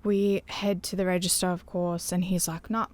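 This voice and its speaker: A woman's voice: on the low side, moderate pace. Woman telling a story animatedly. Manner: animated, acts out quotes of others. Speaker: podcast guest. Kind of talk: casual chat, storytelling. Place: caravan music studio.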